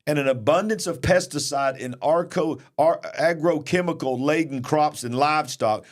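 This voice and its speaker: A man's voice: a little high, moderate pace. A man, a preacher hosting a news commentary show, reading headlines and commenting emphatically. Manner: animated, reads news then comments emphatically. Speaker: host and preacher.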